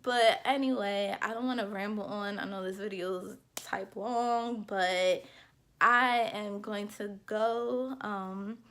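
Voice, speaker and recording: A woman's voice: mid-range voice, steady tone, slow, fairly bright tone. A young adult woman talking to camera in a candid personal vlog, earnest and heartfelt, rambling with lots of fillers. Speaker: vlogger.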